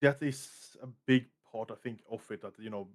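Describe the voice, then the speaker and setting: A man's voice: medium pitch, moderate pace, dry recording, studio quality. A man as a guest in a casual podcast chat, hesitant and searching for words. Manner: hesitant, many fillers and restarts.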